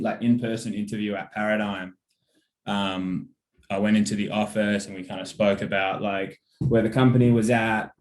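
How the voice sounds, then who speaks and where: A man's voice: lowish voice, echoey room. Casual Australian man telling stories. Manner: loose and casual, heavy on fillers and swearing. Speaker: sports manager, podcast guest. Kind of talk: casual interview storytelling.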